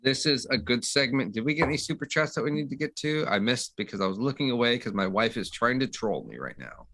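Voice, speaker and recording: A man's voice: medium pitch, animated, fast talker, a bit bright. A man co-hosting a casual podcast over a video call, rambling and easily amused. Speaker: co-host.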